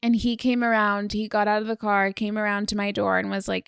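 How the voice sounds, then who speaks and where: A woman's voice: medium pitch, level tone, a little fast, vocal fry, clear, resonant tone, no echo, studio quality. A woman hosting a podcast in casual conversation, telling personal stories with fillers and the odd swear. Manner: warm-toned storytelling, casual with fillers and swearing. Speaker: podcast host.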